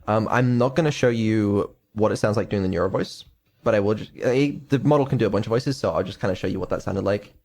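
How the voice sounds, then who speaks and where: Streaming as a developer, a man with a lowish, darkish voice talks quickly and casually. He mumbles and hesitates, dropping lots of ums along with dry sarcasm.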